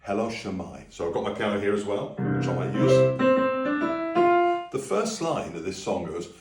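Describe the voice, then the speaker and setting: Deep-voiced man teaching a song. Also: big pitch swings, moderate pace, loud music behind the voice. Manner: friendly, easygoing explanations with sung demonstrations. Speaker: music teacher. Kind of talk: video singing lesson. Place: room with a piano. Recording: echoey room, voice a little distant.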